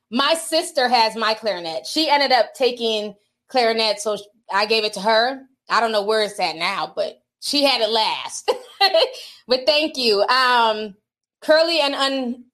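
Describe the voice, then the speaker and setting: High-pitched woman, livestream host, chatty, animated, laughs a lot. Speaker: livestream host reading super chats. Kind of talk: casual livestream chat.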